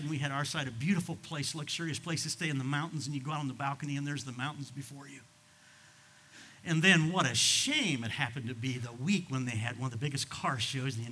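An older man, a pastor, preaching a sermon in a folksy storytelling manner, dropping to quiet asides and rising to loud, emphatic bursts. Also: mid-range voice, expressive, fast, breathy edge.

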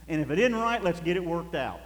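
A man's voice: a little high, animated, fairly quick. A man preaching a sermon, telling folksy stories and chuckling as he goes. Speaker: pastor. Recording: echoey hall.

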